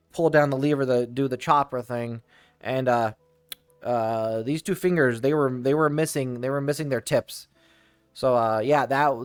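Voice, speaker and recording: A man rambling through casual stories, often restarting his sentences and drifting into tangents. His voice sits at an ordinary middle pitch. The sound is dry and close, with faint music playing behind him. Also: smooth, no echo. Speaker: streamer telling stories. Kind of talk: casual storytelling.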